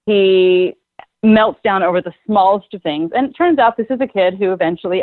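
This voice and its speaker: A woman's voice: on the low side, no echo. A woman psychotherapist, a podcast guest, telling stories earnestly and acting out the people in them. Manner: earnest, animated storyteller who acts out quoted people. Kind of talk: conversational podcast interview. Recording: tinny phone-like line, dry.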